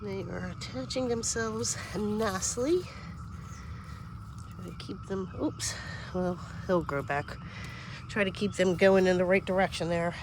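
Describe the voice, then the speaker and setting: A woman with a medium-pitched voice shows off her vegetable garden outside in a relaxed, talkative way, getting sidetracked easily and sniffling now and then. She speaks a little slowly with long pauses, and background noise can be heard.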